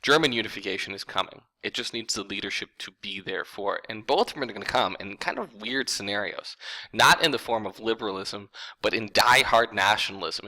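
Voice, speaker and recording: A man's voice: on the low side, pushed and bright, low-quality recording. A man teaching a history lecture in a casual, conversational way, talking straight to his viewers. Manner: conversational, informal, addresses viewers as folks.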